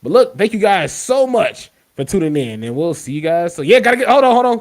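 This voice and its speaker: Male podcast co-host, relaxed slangy banter, slightly raised pitch. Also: fairly quick. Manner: laid-back slangy banter, reads chat comments. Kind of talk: casual wrestling chat.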